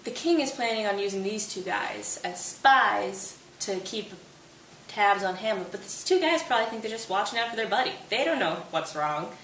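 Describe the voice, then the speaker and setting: A woman's voice: mid-range voice, animated, normal speed, fairly bright tone. A young woman casually summarizing a play for students in a chatty, playful, informal way. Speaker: host of a literature study channel. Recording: echoey room, distant mic, faint hiss.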